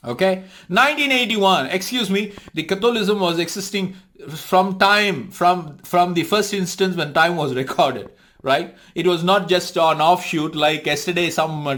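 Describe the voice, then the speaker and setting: Man, heated commentary rant, indignant, rhetorical, fairly high voice. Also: fairly bright tone. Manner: indignant, rhetorical, repeats "excuse me" and "why are you not". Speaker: reaction video host.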